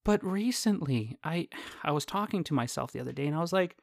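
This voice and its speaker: A man hosts a casual podcast monologue from his home office. He rambles in a chatty way and stops to correct himself mid-sentence. His voice sits a bit high, and the sound is close and dry. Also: expressive, fairly quick, creaky, no room sound. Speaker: podcast host.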